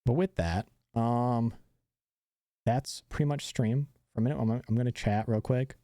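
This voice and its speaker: A man's voice: medium pitch, fairly even intonation, normal speed, warm tone, no echo, studio quality. A young man streaming live, chatting casually and rambling with many fillers and restarts.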